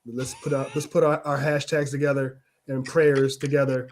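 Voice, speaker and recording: A man's voice: mid-range voice, little pitch movement, moderate pace, hardly any pauses. A man co-hosting a wrestling podcast in casual chat, easygoing and laid-back. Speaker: podcast co-host.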